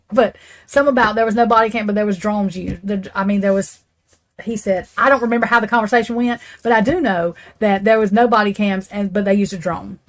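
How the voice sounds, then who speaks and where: A woman rambles through casual true crime commentary, blunt and quick to swear. Her voice sits at an ordinary middle pitch. She talks straight to her viewers. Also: fairly even intonation. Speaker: true crime channel host.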